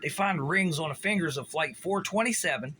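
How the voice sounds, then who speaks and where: A man's voice: on the high side, expressive, fairly quick, bright, forceful tone, a little hiss or hum. A man from the Pittsburgh area, delivering an agitated, sarcastic, profane rant and stumbling over his restarts. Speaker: vlogger.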